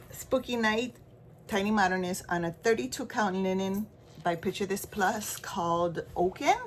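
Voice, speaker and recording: A woman's voice: mid-range voice, a little hiss or hum. A woman with a Caribbean accent chatting casually as she shows her stitching projects, rambling and trailing into asides. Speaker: stitching vlogger. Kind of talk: casual show-and-tell chat.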